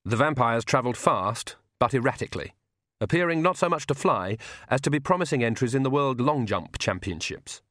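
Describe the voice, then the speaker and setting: A man giving scripted audiobook narration in a measured, wry manner. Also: mid-range voice, a bit bright, no room sound, studio quality.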